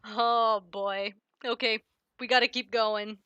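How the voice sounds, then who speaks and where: A woman's voice: fairly high pitch, steady tone, slow pace, bright, forceful tone, smooth, muffled recording. A woman hosting a comic read-aloud of bad fan fiction, laughing often and swearing in exasperation. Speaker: host of a fan fiction reading stream.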